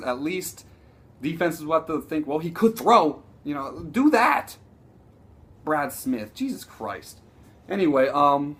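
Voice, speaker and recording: A man ranting casually about his football team, profane and excitable, rambling with frequent restarts. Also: fairly high pitch. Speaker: sports vlogger. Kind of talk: casual sports rant.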